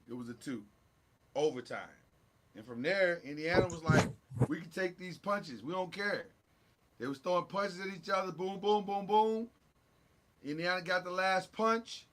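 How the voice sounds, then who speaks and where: On his laid-back sports talk show, a high-voiced man runs through game recaps. His delivery is lively and jokey, punctuated with sound effects.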